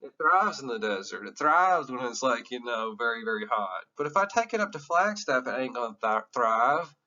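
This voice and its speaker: A man's voice: mid-range voice, sing-song, normal speed, sharp tone, distant mic, highs cut off. A man giving an emotional, earnest classroom lecture, candid and sometimes swearing. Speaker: teacher.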